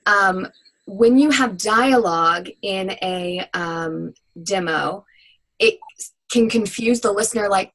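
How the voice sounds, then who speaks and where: Woman voiceover demo producer, kinda husky, talks energetic and chatty with lots of ums, casual webinar q&a. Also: medium pitch, slow, rough recording. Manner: energetic, chatty with frequent fillers.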